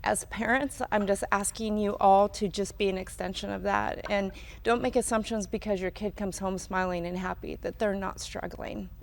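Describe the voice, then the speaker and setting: A middle-aged woman speaking as a guest at a live town hall, earnest and halting, with many pauses and ums. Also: mid-range voice, fairly even intonation, creaky. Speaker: guest, mother of a survivor.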